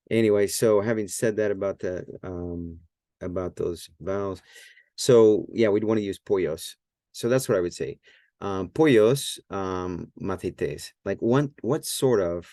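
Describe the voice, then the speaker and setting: A man's voice: deep voice, creaky, mellow, no room sound, studio quality. A man teaching Greek at a whiteboard in a casual, thinking-aloud way, with many fillers and self-corrections.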